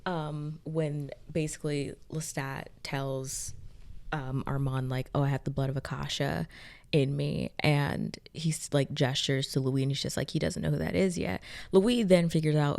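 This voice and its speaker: Gravelly low-voiced woman recapping. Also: a little slow. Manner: excitable, chatty, many fillers. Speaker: pop culture video essayist. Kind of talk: casual recap review.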